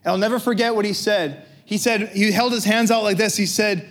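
High-voiced man preaching a sermon. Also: fairly even intonation, a little fast. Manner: conversational, joking preaching with rhetorical questions. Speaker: pastor.

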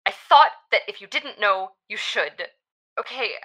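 An actress playing a grieving young woman who talks in a halting, stammering, tearful way. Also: medium pitch, expressive, sharp tone. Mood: shaken. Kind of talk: audio drama acting.

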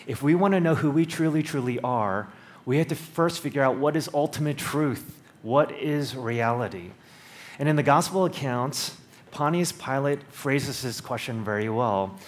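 A man, the pastor, preaching a sermon in a measured way with slow, emphatic stresses. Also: medium pitch.

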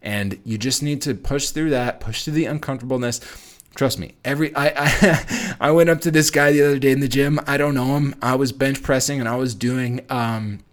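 A man with a mid-range voice talks through strength-training tips in a loose, conversational vlog style. He is chatty and animated, and he keeps circling back with "you know" and "listen" as he goes. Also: medium pitch, moderate pace. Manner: chatty and animated, with lots of fillers and restarts. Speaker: fitness channel host. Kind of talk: casual instructional vlog.

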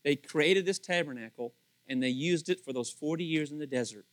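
A male pastor giving a sermon in a chatty storytelling way, acting out little scenes and swinging from loud to soft. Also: fairly high pitch, fairly quick, dry recording. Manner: conversational storytelling, acts out voices.

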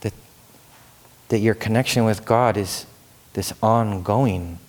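A male pastor preaching a sermon, animated and storytelling, asking the congregation questions. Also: lowish voice, slow pace, pauses often.

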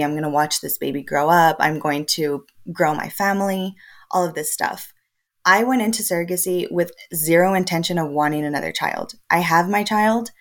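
Lower-pitched woman in her twenties, lively storyteller. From El Paso, Texas. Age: 20s. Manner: lively, often laughing, acts out quoted dialogue. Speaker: podcast guest. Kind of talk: casual conversational storytelling.

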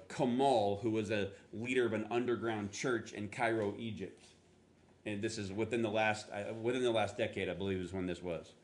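A man preaching a sermon as pastor, telling a story in an animated way, acting out quotes with sudden jumps in pitch and adding self-deprecating asides.

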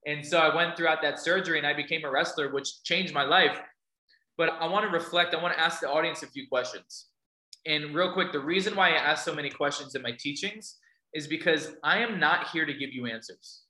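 A man's voice: a little high, fairly quick, bright, forceful tone, roomy sound, poor audio. A man giving a motivational talk to a live audience, telling stories and asking the listeners questions. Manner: storytelling, asks the audience questions. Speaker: motivational speaker.

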